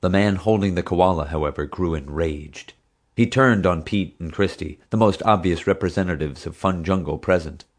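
A man narrating an audiobook in an expressive, dramatic manner. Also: low voice, moderate pace.

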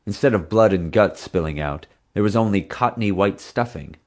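A man narrating an audiobook in an expressive, dramatic manner. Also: lowish voice, normal speed.

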